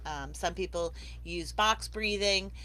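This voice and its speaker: A woman's voice: fairly low pitch, takes it slowly, sharp tone, slight background noise. A woman hosting a live online awards broadcast, chatty and enthusiastic, laughing often as she talks over a video call. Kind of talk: casual live-stream hosting.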